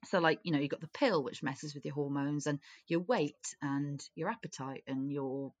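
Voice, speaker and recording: A young woman chatting casually and telling animated stories, swearing freely. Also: low-pitched, moderate pace, no room sound. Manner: animated storyteller, swears freely, acts out friends' voices. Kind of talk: casual chat.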